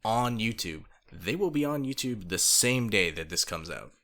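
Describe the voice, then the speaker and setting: A man's voice: fairly low pitch, very animated, normal speed, sharp tone. A man co-hosting a podcast, laid-back and joking in casual chat, with some swearing. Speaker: podcast co-host.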